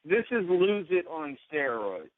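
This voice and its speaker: A man's voice: fairly high pitch, very animated, a little slow, crowd noise. Rambling man on a tinny line. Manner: rambling, self-interrupting. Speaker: podcast co-host. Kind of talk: casual podcast chat. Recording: tinny phone-like sound.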